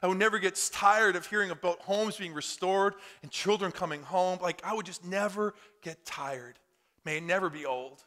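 Man, pastor, high and bright voice, fervent conversational sermon in church. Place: church in front of a congregation.

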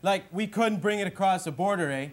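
A man's voice: sits high, a little fast, slight background noise, voice pushed up, close to an everyday voice. A man playing a dim-witted, beer-loving Canadian guy with a Canadian accent, drawling with "eh" and "like" in a comedy bit on a talk show. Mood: goofy. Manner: drawling, peppered with "eh" and "like". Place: TV studio with audience.

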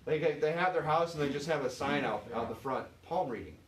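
A man from Michigan preaching an informal sermon as pastor, chatty and full of "you know"s, pausing to ask the congregation questions. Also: on the high side, a little hiss or hum. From Michigan, USA. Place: church sanctuary. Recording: echoey church, voice from far off.

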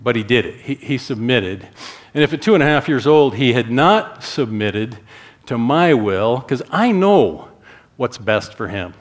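A man's voice: mid-range voice, expressive, a little slow. A middle-aged man preaching a sermon as pastor, telling a family story and acting out his own stern words to his child.

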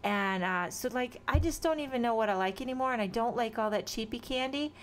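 A woman's voice: fairly high pitch, brisk, slight background noise. A woman with children of her own, explaining a card-making craft step by step in a chatty, rambling way, with self-deprecating asides. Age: adult with children. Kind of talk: casual crafting tutorial.

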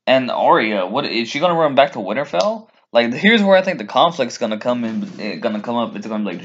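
A man vents to his camera in a loose, profane rant, his pitch jumping high and low as he mocks people. The sound is a bit dull and lo-fi. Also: brisk, few pauses. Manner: animated, profane, mock voices for characters. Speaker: vlogger. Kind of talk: casual ranting commentary.

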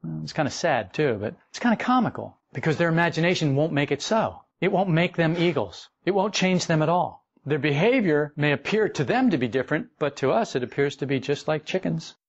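A man's voice: on the high side, animated, fairly quick, few pauses, highs cut off. A man giving a spoken spiritual lecture as a teacher, folksy and wry, with playful acted asides. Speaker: esoteric teacher.

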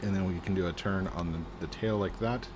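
A man hosting a gaming video, playing along with jokey, excitable commentary and sudden exclamations. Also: low voice, brisk, background noise. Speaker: gaming channel host.

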